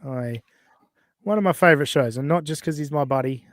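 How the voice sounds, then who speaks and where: A man's voice: on the high side, fairly quick, fairly bright tone, dry recording, studio quality. A man hosting a podcast in casual banter, blunt and profane, laughing between jabs. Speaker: podcast host.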